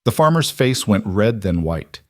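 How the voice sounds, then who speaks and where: A man narrates a scripted frontier story at an even, measured pace. His voice sits fairly low. The sound is dry, with no room around it. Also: no room sound.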